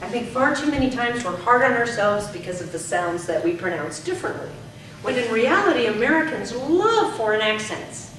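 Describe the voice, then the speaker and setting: An energetic woman coach projects her voice across a meeting room, leading repeat-after-me drills. She sounds far from the mic in a very echoey space, with steady background noise underneath. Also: fairly high pitch, normal speed. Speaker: speaking coach presenting to a club. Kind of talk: presentation with call-and-repeat drills.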